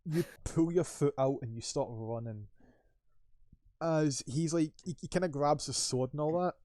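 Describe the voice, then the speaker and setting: A man's voice: fairly high pitch, unhurried, mellow, dry recording. Brief: young male game master narrating in a loose, rambling way on a dry home mic. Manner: rambling, loose, full of fillers.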